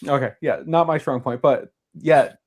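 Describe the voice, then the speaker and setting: A man's voice: on the high side, over a noisy crowd. A man in his thirties from New England, co-hosting a casual podcast chat in a playful, teasing way. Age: 30s. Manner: playful, teasing, quick to laugh. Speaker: guest co-host.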